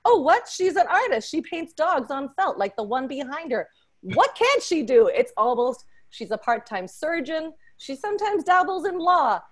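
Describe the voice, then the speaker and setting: A woman hosting a podcast, introducing a panel with effusive, excitable energy and playful teasing. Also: high-pitched, normal speed. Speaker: podcast host.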